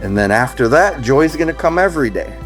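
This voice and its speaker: A man's voice: mid-range voice, big pitch swings, fast, soft background music. A man from Minnesota in his thirties, talking earnestly as an interview guest, with many fillers and restarts. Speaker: guest sharing recovery story. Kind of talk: casual conversational interview.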